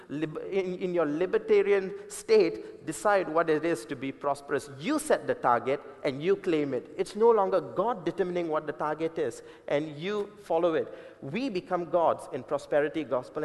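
A man preaching a sermon with emphatic, repeated points and deliberate changes of pace. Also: on the high side, darkish tone. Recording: long reverb of a large hall.

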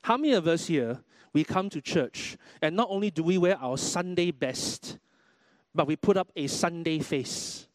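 A man preaching a sermon in a church, animated, acting out everyday quotes as he goes. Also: fairly high pitch, normal speed, dry recording. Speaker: pastor.

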